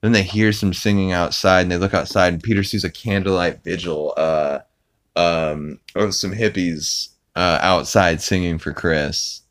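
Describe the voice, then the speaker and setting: A man's voice: low voice, fairly even intonation, measured pace, fairly bright tone. A man hosting a podcast, casually recapping a cartoon episode with lots of fillers. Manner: rambling, with many fillers and put-on character quotes. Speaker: podcast host.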